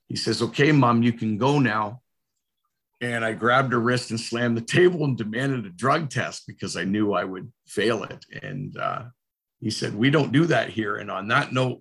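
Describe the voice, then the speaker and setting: A man's voice: on the low side, vocal fry, fairly bright tone, breathy edge. A middle-aged man telling his personal testimony earnestly and candidly, with frequent fillers. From Canada.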